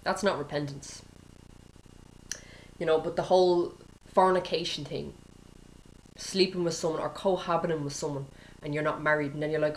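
A woman's voice: deep voice, normal speed, pauses often, rough recording. A woman preacher giving an informal sermon, peppering it with "you know" and "okay?" and acting out prayers. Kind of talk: conversational sermon.

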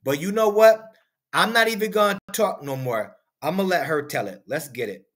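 A man hosts a reaction commentary, lecturing his viewers and piling up rhetorical questions. His voice sits a little high for a man. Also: lively intonation, moderate pace, a bit bright. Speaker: commentary channel host.

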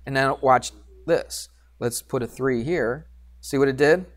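A man teaching algebra to a class, animated and teasing, coaxing students with questions. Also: medium pitch, unhurried. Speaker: high school math teacher. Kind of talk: classroom lecture.

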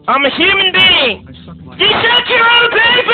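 A man hosting a comedic livestream hotline, breaking into frantic shouting outbursts between soft, pleading stretches. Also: very high-pitched, animated, takes it slowly, loud music behind the voice, over a noisy crowd. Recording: tinny phone-quality lo-fi audio.

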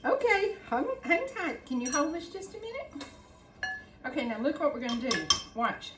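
Older host, high-pitched, swoops all over, sing-song baby talk to a grandkid, echoey kitchen. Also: female voice, big pitch swings, normal speed, music in the background. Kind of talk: casual cooking demo with a grandchild. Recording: echoey kitchen, faint noise.

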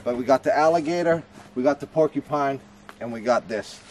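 A man's voice: medium pitch, a little fast, darkish tone, slight background noise. A young man with a Boston accent, vlogging casually outdoors at a campground and archery range, chatty and joking with his viewers. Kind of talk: casual vlog to camera.

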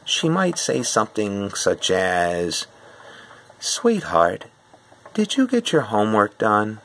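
Middle-aged teacher, deep voice, bright and a little husky, walking a class through answers. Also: male voice. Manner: slow and patient, explaining step by step. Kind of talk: classroom quiz review.

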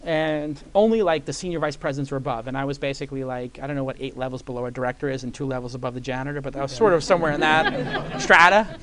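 A man in his forties on a conference stage, telling an animated story and acting out other people's voices. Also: medium pitch, fast talker, few pauses. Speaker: guest entrepreneur. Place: conference stage before an audience.

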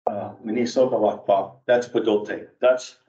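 A man's voice: on the low side, measured pace. A man giving a rambling, digressive talk as a guest speaker at an adult education class. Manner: rambling, digressive, animated storyteller. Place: church meeting room. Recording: roomy, distant, dull church hall recording.

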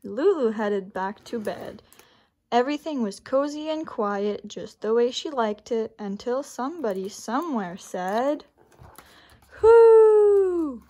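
Female librarian, children's story time and craft demo; gentle, slow, somewhat high. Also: expressive. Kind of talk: picture book read-aloud and craft demo.

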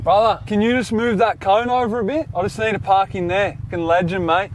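A man's voice: high voice, fairly even intonation, a little fast, background noise. A young man in his twenties with an Australian accent, vlogging in a brash, joking way and swearing freely. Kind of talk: casual vlog.

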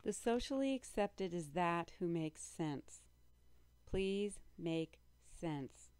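A woman performing a spoken word poem in a slow, deliberate recitation, repeating short commands one after another. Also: fairly low pitch, animated, darkish tone, clear, resonant tone, no echo. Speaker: poet. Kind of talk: spoken word poetry reading.

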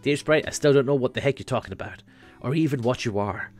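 A man reading a deadpan, sarcastic student. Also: mid-range voice, fast, faint music behind, lightly acted.

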